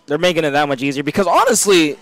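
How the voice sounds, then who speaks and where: A man's voice: a little high, animated, fast talker, a bit bright. A young man hosting a casual podcast, chatting with joking interjections. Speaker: podcast host. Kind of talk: casual chat.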